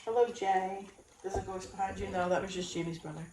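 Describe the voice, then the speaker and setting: A middle-aged woman co-hosting a casual livestream, telling a lively story and laughing often. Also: mid-range voice, brisk, recorded from a distance, a little hiss or hum. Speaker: co-host. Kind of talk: casual chat to a livestream audience. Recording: echoey room, a little off-mic.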